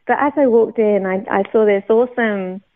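A woman from the United Kingdom, a guest telling her personal faith story in an animated way and acting out her past thoughts. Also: mid-range voice, normal speed, a little hiss or hum. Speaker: interview guest. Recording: narrow phone-like radio sound.

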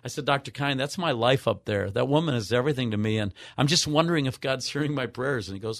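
A man's voice: medium pitch, fast, hardly any pauses, fairly bright tone, dry recording, studio quality. An older man, a radio guest, earnestly telling an emotional personal story and acting out the voices of the people in it. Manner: earnest, acts out quoted voices with wide swings.

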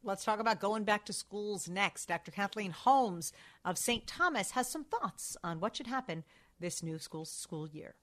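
A woman's voice: mid-range voice, animated, measured pace. A woman co-hosting a talk show, chatting about the news in an opinionated way with sarcastic asides.

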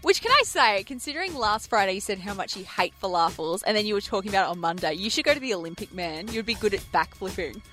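A woman's voice: mid-range voice, big pitch swings, quick pace, few pauses, pushed and bright, soft background music. A woman co-hosting a radio show, chatting casually and laughing at her own embarrassing stories. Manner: chatty, self-deprecating, laughs while telling stories. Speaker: radio co-host. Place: radio studio. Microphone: studio microphone.

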